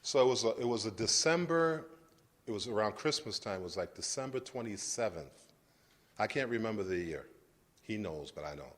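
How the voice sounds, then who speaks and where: A man in his fifties from Brooklyn, New York, giving a lively storytelling lecture and acting out scenes for the audience. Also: lowish voice, brisk. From Brooklyn, New York, United States. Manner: animated, acts out scenes, addresses the audience directly. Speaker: guest lecturer.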